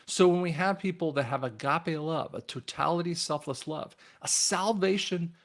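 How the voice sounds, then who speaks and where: Talking at a normal speed in a voice on the high side, a man hosting his own channel rambles emphatically through religious and political commentary. He addresses the audience as "guys," jumping between loud bursts and near mutters.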